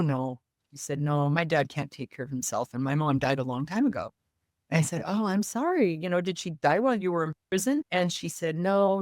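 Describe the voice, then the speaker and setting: Recorded cleanly in a studio with no room sound, a low-voiced woman appears as an interview guest. She recounts a personal story with earnest animation, acting out other people's quoted words.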